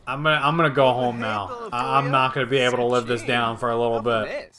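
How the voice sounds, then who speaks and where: A young man casually commentating a life-sim game he is playing, swearing freely and getting excitable. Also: mid-range voice, fairly quick, music in the background. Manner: profane, excitable, jokey. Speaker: gaming video host.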